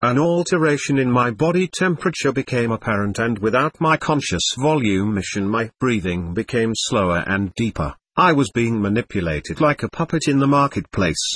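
Man narrating a story, husky voice. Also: mid-range voice, expressive, fairly bright tone, no room sound. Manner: measured storytelling, voicing dialogue in quotes. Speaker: audiobook narrator. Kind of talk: scripted narration.

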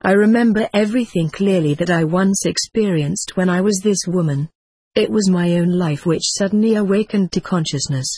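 A woman narrating a first-person memoir in a measured, somber storytelling manner. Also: on the low side, dark tone, husky, no echo. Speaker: audiobook narrator.

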